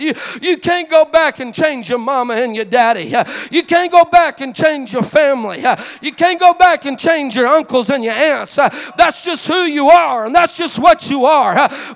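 A man preaching a fervent sermon, breaking into shouts and a sing-song cadence, with many "uh" fillers. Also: very high-pitched. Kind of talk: impassioned sermon.

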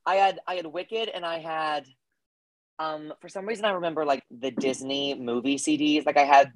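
A young adult podcast co-host telling personal stories in casual chat, with quick self-deprecating asides. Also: medium pitch, fairly even intonation, no room sound.

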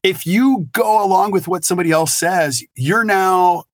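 A middle-aged man speaks as a consultant guest on a podcast interview, his voice sitting fairly high for a man. He talks with energy and blunt emphasis, and the sound is dry with no room in it. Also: moderate pace, no room sound.

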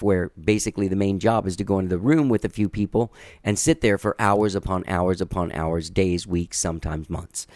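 A man's voice: lowish voice, no room sound, studio quality. A man hosting his podcast, chatting casually and rambling with a laid-back drawl before introducing his guest. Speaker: podcast host.

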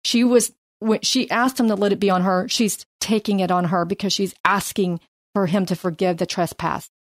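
A middle-aged woman leading a casual Bible study chat, telling lively stories about her husband and reading scripture slowly. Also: mid-range voice, dry recording, clean studio sound. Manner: animated storyteller, reads scripture slowly.

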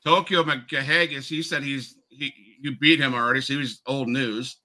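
A man's voice: mid-range voice, steady tone, normal speed, pushed and bright. A man hosting a wrestling podcast, asking long rambling questions and stirring up rivalries. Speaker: podcast host. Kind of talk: podcast interview.

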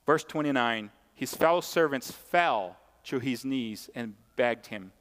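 A man's voice: medium pitch, expressive, measured pace, fairly bright tone. A man preaching a sermon as pastor, emphatic and conversational, repeating key points and tossing asides to the congregation. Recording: long hall reverb.

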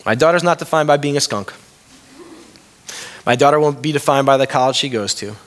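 A man in his thirties preaching a conversational sermon, lifting his voice when quoting and dropping soft and low for a personal story. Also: brisk. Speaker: pastor.

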